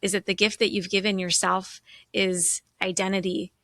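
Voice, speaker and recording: A woman's voice: mid-range voice, little pitch movement, moderate pace, dry recording. Affirming woman host in her forties, dry close sound. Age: 40s. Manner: warm, affirming, speaks in full heartfelt sentences. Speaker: podcast host. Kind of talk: podcast interview.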